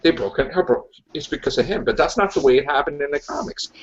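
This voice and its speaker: A man's voice: a little high, lively intonation, brisk, muffled recording. A man hosting a casual podcast chat, ranting emphatically and repeating his points. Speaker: podcast host.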